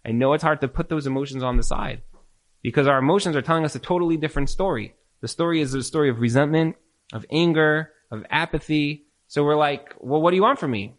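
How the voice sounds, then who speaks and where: A man's voice: a little high, fast. A man teaching a marriage class and taking questions from listeners, earnest and repetitive, often acting out what spouses say. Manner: earnest, repeats words, acts out quoted spouses. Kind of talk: lecture with audience Q&A.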